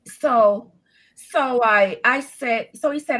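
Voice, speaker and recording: Speaking slowly in a fairly high, fairly bright voice, a caller on a live show animatedly recounts her own story. She laughs as she goes and performs the quoted lines.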